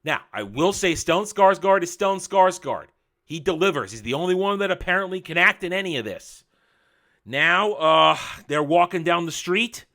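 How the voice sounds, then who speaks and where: High, sharp-voiced ranting man. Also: lively intonation, moderate pace. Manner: angry, sarcastic, mocking, swings loud and soft. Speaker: show reviewer. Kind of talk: ranting review commentary.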